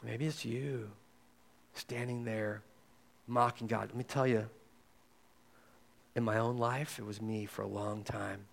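A man's voice: lowish voice, steady tone, slow pace, vocal fry, long pauses. Dynamic preaching man. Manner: dynamic preaching, swinging between loud and hushed; conversational, addresses listeners directly. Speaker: pastor. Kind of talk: sermon.

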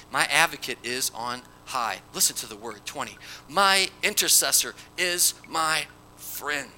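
Bright-voiced male preacher, dramatic swings. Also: a little high, slight background noise. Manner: dramatic, swings from loud emphatic reading to hushed near-whispers. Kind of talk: expository sermon.

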